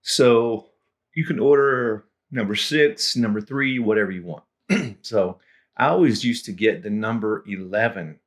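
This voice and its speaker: A middle-aged man, a language tutor, telling funny stories from his learning in a relaxed, chuckling way and clearing his throat now and then. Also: fairly low pitch, unhurried. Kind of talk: anecdotal lesson storytelling.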